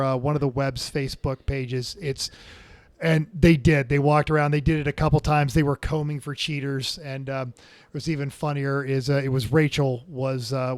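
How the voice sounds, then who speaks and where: A man's voice: medium pitch, no room sound. A man co-hosting a casual car-racing podcast, telling stories in an upbeat, joking way. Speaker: podcast co-host. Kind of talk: casual chat.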